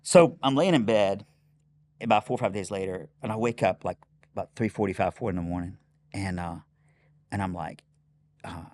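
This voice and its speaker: A pastor from Iran telling a story in an interview, animated and full of fillers and acted quotes. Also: male voice, low voice, normal speed, pauses often, dry recording. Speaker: pastor and guest.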